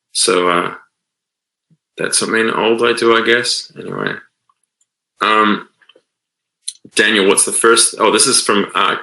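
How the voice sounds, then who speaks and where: A man in his forties with a very low, gravelly voice, chatting loosely through a fan Q&A over a video call. He rambles and doubles back on his words, poking fun at himself. His bright, forceful tone rings in an echoey room. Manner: rambling, self-deprecating, with many restarts. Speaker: actor answering fan questions. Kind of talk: virtual Q&A panel, casual and chatty. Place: home room. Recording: roomy echo.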